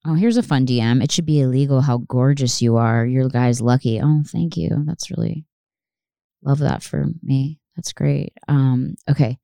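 Young woman podcast host, low smooth voice, dry close sound, rambling, swears a lot. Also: moderate pace, dark tone, no echo. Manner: rambling, swears freely, many fillers and restarts. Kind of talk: casual solo podcast chat.

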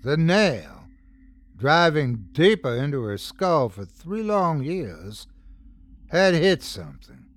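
A man's voice: fairly high pitch, sing-song, slow pace. A man narrating a scary story as host, dramatic, swelling and dropping for suspense. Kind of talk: scripted horror story narration.

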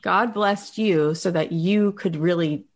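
A woman's voice: fairly low pitch, takes it slowly. Brief: woman, podcast host, gushing and enthusiastic, casual talk.

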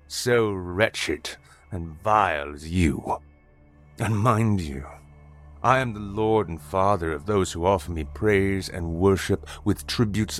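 A man voicing an ancient male god who passes judgment in slow, grand, booming pronouncements. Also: lightly acted.

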